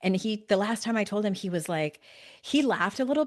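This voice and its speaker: A woman's voice: mid-range voice, fast. A woman in her fifties hosting a podcast, chatting casually and animatedly, often laughing and speeding up in bursts. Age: 50s. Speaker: podcast host. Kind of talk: casual conversational interview.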